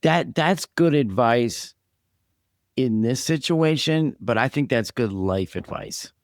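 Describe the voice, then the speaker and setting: A man co-hosting a podcast who talks in a halting, agreeable way and often repeats words. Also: mid-range voice, expressive, dry recording, clean studio sound. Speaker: podcast co-host. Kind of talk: casual advice conversation.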